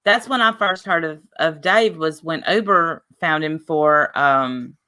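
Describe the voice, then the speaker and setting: A woman hosting a casual livestream, sarcastic and animated, laughing often as she reads comments. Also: deep voice, measured pace. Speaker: livestream host.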